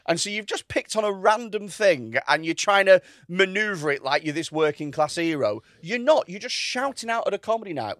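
A man, pitched a little high, tells a story with big swings in his voice. He swears freely and acts out every line of the quarrel. The sound is dry and close. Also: normal speed, no room sound. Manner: animated, swears often, acts out quotes. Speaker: podcast host. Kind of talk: casual storytelling chat.

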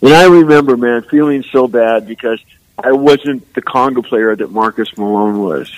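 An older man from San Francisco, a musician guest, telling rambling, animated stories full of "man" and "you know.". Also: medium pitch, normal speed, no echo, low-quality recording. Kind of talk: casual storytelling interview.

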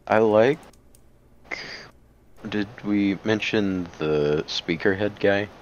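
A man's voice: on the low side, slow, muffled recording, a little hiss or hum. A man co-hosting a podcast in casual chat, laid-back and laughing often. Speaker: podcast co-host.

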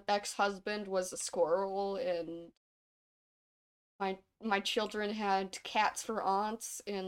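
A woman co-hosting a podcast, telling stories in a casual chat while playing a video game, animated and laughing often. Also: medium pitch, smooth. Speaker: podcast co-host.

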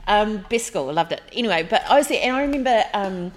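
A woman's voice: medium pitch, animated. Chatty New Zealand woman hosting. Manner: chatty and enthusiastic, quick to laugh. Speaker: podcast host. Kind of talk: casual interview.

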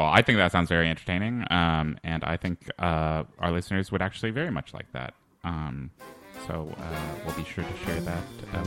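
A man hosting a comedy podcast, talking hesitantly with many fillers and a deadpan manner. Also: sits low. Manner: hesitant, lots of ums and restarts, deadpan. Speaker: podcast host. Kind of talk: casual comedy podcast chat.

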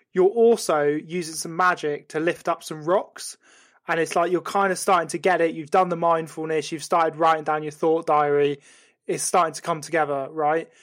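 Man, fairly high voice, casual podcast storytelling, animated and sweary. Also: normal speed. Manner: animated, sweary retelling with lots of "you're like". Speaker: podcast co-host. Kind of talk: comic storytelling.

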